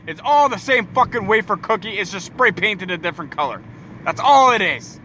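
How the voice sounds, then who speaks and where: A tired young man rants furiously and swears through a comic tirade, recorded in his car at night. His voice sits high and comes out bright and sharp. Faint road noise hums behind him. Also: animated, moderate pace. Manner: profane, exasperated ranting. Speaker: podcast host. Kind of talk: angry comic rant.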